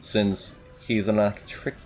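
A man giving let's play commentary, jokey and excitable, swearing and yelping at the game. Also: lowish voice, unhurried, a little hiss or hum. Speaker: gamer.

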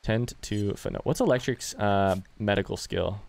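A man's voice: lowish voice, moderate pace, vocal fry, a little mellow. A young man streaming a strategy game, casually chatting with viewers, reading chat aloud, swearing and bursting into frantic outbursts. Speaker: gaming streamer. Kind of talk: casual live-stream commentary.

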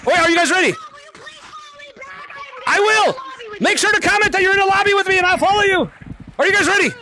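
A man live-streaming a VR game, shouting greetings and cheering his players on with lots of laughter, into a headset mic. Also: very high-pitched, fairly quick, a little hiss or hum. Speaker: gaming streamer. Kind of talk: excited live-stream chat while playing.

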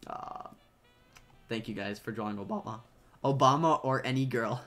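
A man's voice: medium pitch, normal speed, a bit bright, faint music behind. A young man streaming live, chatting casually and reacting playfully to viewer drawings.

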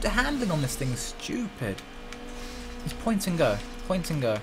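Animated man doing game commentary. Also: fairly high pitch, a little slow. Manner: animated, joking, sweary. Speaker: gaming channel host. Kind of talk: let's play commentary. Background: background music.

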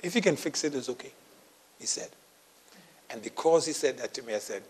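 A man preaches a sermon in his church, his voice sitting in an everyday middle register. He tells a personal story, playing out the dialogue himself and sometimes laughing at it. He drops into quiet, intimate asides, then rises into loud, emphatic preaching. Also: mid-range voice, animated, a little fast, pauses often, breathy edge. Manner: storytelling, acting out his own quoted dialogue. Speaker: pastor.

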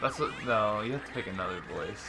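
A man's voice: lowish voice, quick pace, bright, forceful tone, soft background music. A man co-hosting a let's play, teasing and joking in casual gaming banter. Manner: teasing, joking, often laughing.

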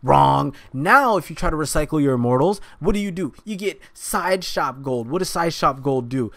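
A man rants angrily at his gaming computer, his voice pitched a little high. He swears often and works himself up as he goes. The sound is dry and close, with no room echo. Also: lively intonation, moderate pace, creaky, hardly any pauses. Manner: angry ranting, frequent swearing. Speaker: streamer. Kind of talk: heated gameplay commentary. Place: at a gaming computer while streaming.

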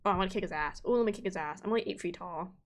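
A young woman streaming a game, bubbly and excitable, chatting with her viewers while she plays. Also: medium pitch, rapid-fire. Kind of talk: casual live-stream game chat.

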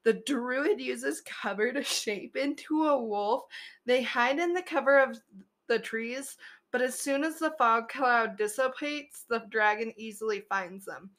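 A woman's voice: on the high side, measured pace, fairly bright tone. A woman podcast host telling a tabletop game story in a chatty way, laughing at her own tale.

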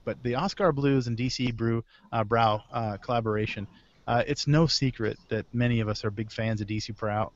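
A man hosts a relaxed beer podcast, wandering through the week's releases with a rambling, self-correcting manner. His voice comes over a video call that sounds dull and dry. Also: medium pitch, no room sound. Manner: rambling, self-correcting, chuckles between items. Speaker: podcast host. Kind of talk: casual beer podcast chat.

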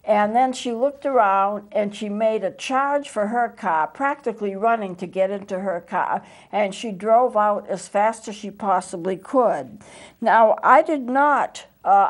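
Woman pastor and TV host, earnest anecdotal storyteller with some faltering restarts, studio recording. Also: mid-range voice. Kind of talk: conversational storytelling sermon.

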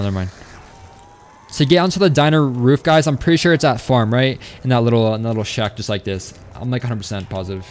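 A man's voice: a little high, a little hiss or hum. Young male gaming streamer chatting casually. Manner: casual, rambling, reads chat aloud. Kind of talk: live stream chat while gaming.

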